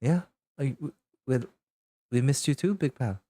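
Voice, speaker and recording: A man's voice: mid-range voice, unhurried, dark tone, dry recording, studio quality, pitched above the performer's own voice, lightly acted. Rosie, a chirpy woman adventurer, voiced by a man. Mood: warm. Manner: chirpy, gushing greetings. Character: cheerful woman adventurer, friendly and effusive.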